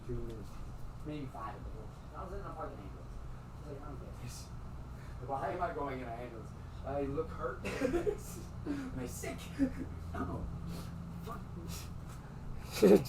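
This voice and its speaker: A man's voice: mid-range voice, lively intonation, moderate pace, long pauses, very noisy. Rambling, laughing man, far from the mic. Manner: rambling and profane, laughing often. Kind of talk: casual storytelling.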